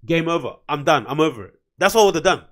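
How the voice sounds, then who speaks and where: A man's voice: a little high, expressive, fast. A man hosting a solo podcast, talking in a loose, rambling way with frequent swearing. His voice sits a little above the usual male range, and he flares up into heated outbursts. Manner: blunt, profane, rambling, heated. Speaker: podcast host. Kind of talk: casual solo rant.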